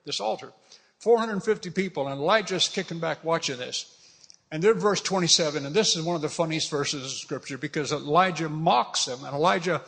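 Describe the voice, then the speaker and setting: A man preaching a sermon, reading scripture aloud and breaking off for lively, humorous asides to his congregation. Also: fairly high pitch. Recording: long hall reverb.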